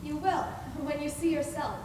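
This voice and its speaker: A young woman playing a kind, scatterbrained mirror fairy in a school stage play, gentle and coaxing. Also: high voice, normal speed, noisy background, close to an everyday voice. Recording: echoey hall, far off.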